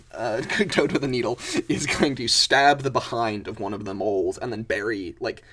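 A player in a tabletop game casually describes what his character does, often stopping to hesitate, using fillers and restarting sentences. His voice is gravelly, and his pitch rises and falls in a lively way.

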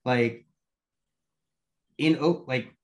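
A man's voice: mid-range voice, very slow, darkish tone. Laid-back young man from Bangladesh. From Bangladesh, raised in the US. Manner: laid-back slangy talk full of "like" and "bro". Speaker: podcast guest. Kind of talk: casual conversation.

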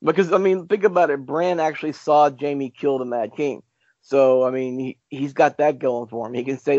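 A man hosting a casual podcast chat, animated and arguing his point with rhetorical questions. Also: medium pitch, moderate pace, no echo. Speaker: podcast host. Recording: dull lo-fi sound.

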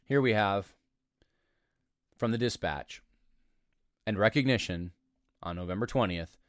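A man reading aloud from an article and critiquing it in an argumentative, animated way, breaking in with asides and short laughs. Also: fairly low pitch, unhurried, no echo, clean studio sound. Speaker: commentator.

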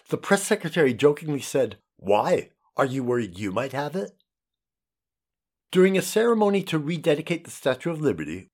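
Middle-aged male memoir narrator, passionate, slightly high voice with lively swings. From United States. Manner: expressive, impassioned storytelling.

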